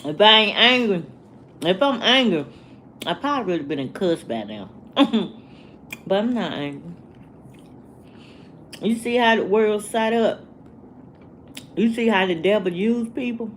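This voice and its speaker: A woman, talking to her livestream viewers in a slow, preachy way and asking the same rhetorical questions over and over. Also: medium pitch, lively intonation, a bit bright, slight background noise. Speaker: vlogger. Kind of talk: casual livestream rant.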